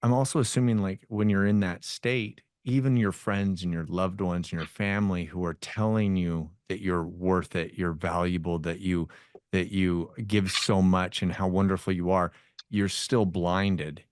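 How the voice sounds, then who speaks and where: A man hosting a podcast interview, chatting in an animated, conversational way and laughing easily. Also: low voice, normal speed, clean tone, no room sound, clean studio sound. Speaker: podcast host. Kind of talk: casual interview chat.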